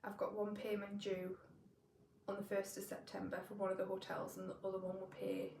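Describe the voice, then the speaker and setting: A woman's voice: mid-range voice, monotone, fairly quick, vocal fry, noisy background. A woman from northeast England, casually walking through her monthly budget and working out the sums aloud as she goes. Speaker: budgeting vlogger. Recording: roomy, distant from the mic.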